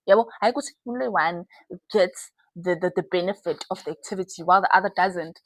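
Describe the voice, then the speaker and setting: A woman's voice: fairly low pitch, fairly quick, no room sound, low-quality recording. A young woman hosting a podcast, giving candid advice in a casual chat and laughing often. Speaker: podcast host.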